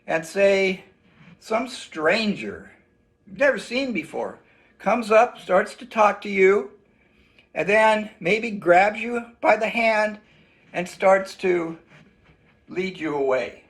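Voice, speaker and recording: Male instructor, high voice, children's lesson, animated delivery. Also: takes it slowly, long pauses. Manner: animated, acts out shouts for kids. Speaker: self-defense instructor.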